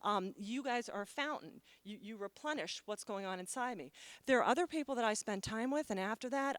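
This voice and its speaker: Lively, higher-pitched woman giving a keynote. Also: dry recording. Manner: storytelling with acted dialogue, asks the audience "okay?". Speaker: motivational speaker. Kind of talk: motivational keynote talk. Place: conference stage.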